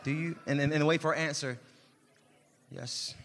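A man with a fairly high, fairly even voice preaches a sermon as pastor at a normal pace, his tone fairly bright. He calls on the congregation to answer and builds in intensity as he goes. The recording has long church reverb and a little hiss or hum.

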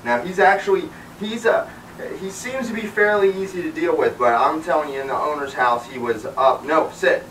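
A man training a dog outdoors talks through what he is doing, breaking off to give sharp commands. His voice is bright and forceful. He stands back from the microphone, so the sound is roomy. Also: a little high, normal speed, distant mic, a little hiss or hum. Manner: commands the dog mid-sentence, many fillers. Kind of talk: explaining while training a dog.

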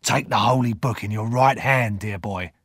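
A man voicing an old male escaped convict, speaking slowly and weightily. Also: fairly low pitch, fairly bright tone, slightly rough, no echo, studio quality. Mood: solemn.

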